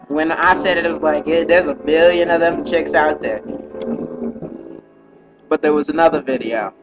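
A man's voice: fairly high pitch, rough recording. A man telling a rambling, profane, agitated story in a casual vlog monologue.

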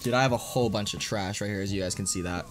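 Excitable young-sounding male streamer. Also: fairly low pitch, racing, soft background music. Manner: excitable, slangy, says dude a lot. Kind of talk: casual live-stream chat while opening card packs.

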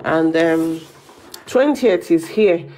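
Slow, hesitant woman. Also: sits low, mellow. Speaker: co-host. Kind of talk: casual chat.

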